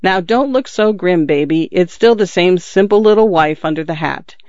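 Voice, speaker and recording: A man doing a young wife with a soft, coaxing voice, pleading gently and quietly. The tone sits a little high and light. The recording is dry and somewhat dull. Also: moderate pace, dry recording. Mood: playful.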